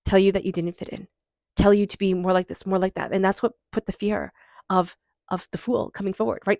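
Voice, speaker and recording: A woman's voice: mid-range voice, fairly even intonation, fairly quick, vocal fry, a little mellow, dry recording, clean studio sound. A woman giving an intuitive tarot reading in an emotional, earnest and encouraging way. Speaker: tarot reader.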